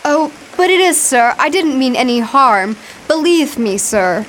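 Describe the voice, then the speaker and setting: A woman's voice: high-pitched, expressive, unhurried, fairly bright tone, a little hiss or hum. An actress playing a timid, eager-to-please landlady in a radio drama, meek and deferential, calling her lodger sir. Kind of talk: 1940s radio acting.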